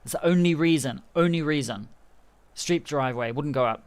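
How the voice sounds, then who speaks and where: A man streaming a rugby management game live, chatting and commentating excitedly as the match plays out. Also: on the high side, normal speed, clean tone. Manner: excitable, chatty, laughing often.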